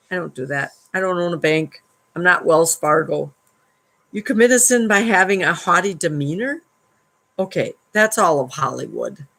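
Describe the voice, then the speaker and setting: A woman's voice: fairly low pitch, expressive, moderate pace, a bit bright, rough recording. A woman hosting a live stream at home, reading a book aloud and adding wry commentary, laughing often between passages.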